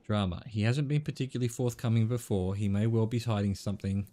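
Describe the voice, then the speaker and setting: A man's voice: lowish voice, fairly even intonation, quick pace, dark tone. A middle-aged man from Australia reading a narrative game aloud as a streamer, voicing its characters' lines and narration in his own voice with casual asides.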